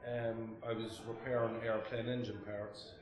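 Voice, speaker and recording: A man's voice: on the low side, level tone, normal speed, echoey room, poor audio. A young Irish man chatting casually as a podcast guest, laid-back, swearing freely and laughing often. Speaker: podcast guest, food reviewer. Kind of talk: casual chat.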